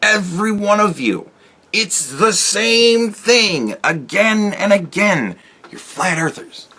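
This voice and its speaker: A man's voice: high voice, expressive, takes it slowly, sharp tone. A man in his forties, a YouTube commentator ranting sarcastically with heavy profanity straight at the viewer. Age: 40s.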